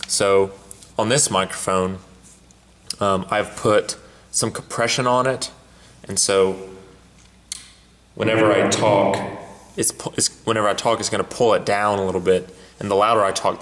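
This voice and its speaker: A man walking through a sound mixing desk step by step, in a halting way with many fillers and restarts. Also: low voice, fairly bright tone, long reverb tail. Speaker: sound technician. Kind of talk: instructional walkthrough. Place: church sound booth.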